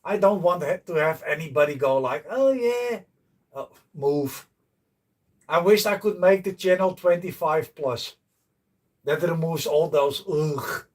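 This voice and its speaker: A man's voice: fairly high pitch, normal speed, recorded from a distance. A man chatting to viewers on a casual livestream, blunt and joking, swearing freely. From Netherlands. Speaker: livestreaming host. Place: outdoors by a canal.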